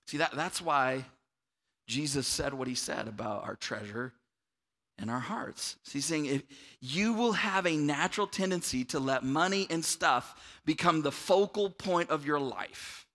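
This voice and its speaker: Bright, animated man preaching. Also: fairly high pitch, creaky. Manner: conversational, animated, asks the room "right?". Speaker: pastor. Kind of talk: sermon. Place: church auditorium with audience.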